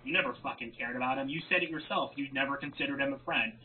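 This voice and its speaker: A man's voice: medium pitch, very fast. A man in a played video clip, sarcastically taunting an opponent and mocking his anger. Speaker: rival video maker. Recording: tinny phone-like sound with faint noise.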